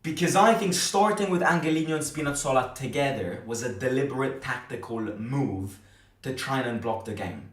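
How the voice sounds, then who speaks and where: A man's voice: mid-range voice, animated, normal speed, distant mic. A man hosting a football fan channel, giving a heated, blunt post-match reaction rant, swearing and repeating himself. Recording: roomy, a little off the mic.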